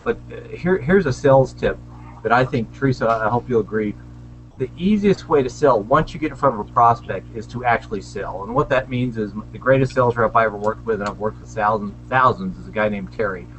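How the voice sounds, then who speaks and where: A man's voice: medium pitch, a little fast, fairly bright tone, soft background music, rough recording. A man on a panel, chatty and self-deprecating, giving sales tips in a casual video call discussion. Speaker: panelist, small business owner. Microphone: video call webcam.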